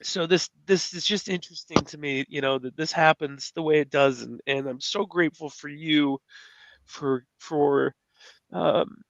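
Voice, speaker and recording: A man in his forties co-hosting a podcast, telling a personal story in an earnest, emotional way with many halting restarts. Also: on the high side, creaky, background noise. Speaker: podcast co-host. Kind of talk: conversational storytelling. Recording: dull lo-fi dry sound.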